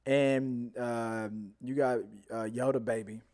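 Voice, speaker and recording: A man hosting a casual live-stream review, rambling and animated, often trailing off into mumbles. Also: medium pitch, takes it slowly. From Houston, Texas area. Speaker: show host.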